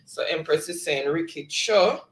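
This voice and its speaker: A man hosts a quiz stream, reading out the players' chat answers and laughing along. His voice sits high and he takes his time. The room around him is noticeably echoey. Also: a little slow. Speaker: game show host. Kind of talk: live-stream quiz hosting.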